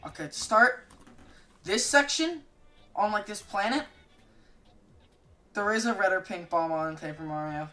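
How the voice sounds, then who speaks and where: Excitable, swearing woman gaming creator. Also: mid-range voice, measured pace, long pauses, faint music behind. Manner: excitable, swears a lot, jokey. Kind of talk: casual gaming commentary.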